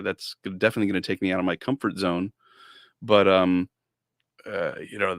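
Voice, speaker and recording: A man's voice: lowish voice, fairly bright tone, no room sound, clean studio sound. A man talking casually as a podcast guest about running his tabletop game, hesitant, with many fillers and restarts.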